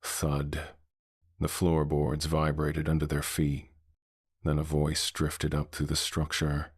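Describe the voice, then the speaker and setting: Very deep, slow male horror narrator. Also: monotone, breathy edge, no echo, studio quality. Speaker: horror storyteller.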